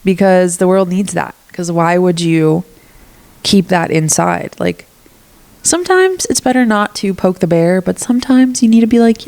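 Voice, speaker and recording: A young woman with a slightly low voice and a stuffy nose, hosting her own podcast in a loose, candid monologue. She swears casually and jumps into little acted-out lines of what she'd say to people. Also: animated, normal speed, creaky, darkish tone. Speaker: podcast host.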